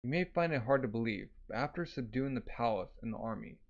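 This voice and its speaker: A man's voice: medium pitch, animated, fast talker, close to an everyday voice. A man voicing an earnest young man, a former gang lieutenant, as he reads a manga aloud. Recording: slightly dull lo-fi audio.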